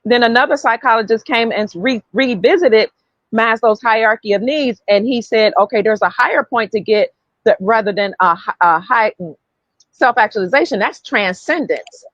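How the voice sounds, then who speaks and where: A woman's voice: on the high side, normal speed, dry recording, muffled recording. A woman hosting a podcast, telling a personal story in an earnest, casual way and often repeating herself. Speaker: podcast host.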